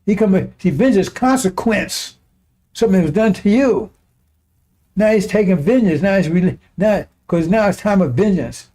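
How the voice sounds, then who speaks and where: A man delivers a sermon on scripture in an impassioned, colloquial way. His voice sits high for a man yet has a dark, mellow tone. He mixes mocking asides in with the verses he reads. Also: animated, moderate pace. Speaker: preacher.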